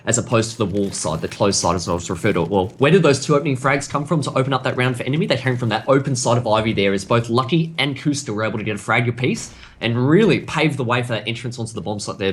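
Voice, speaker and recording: A man's voice: mid-range voice, slightly rough. A man giving analytical color commentary on a live esports match, breaking down tactics in detail.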